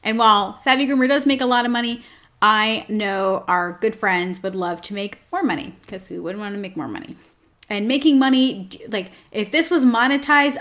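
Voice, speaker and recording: A woman's voice: mid-range voice, a bit bright. A woman hosting her own show, chatting casually with lots of fillers and joking asides. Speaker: host. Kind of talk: casual chat.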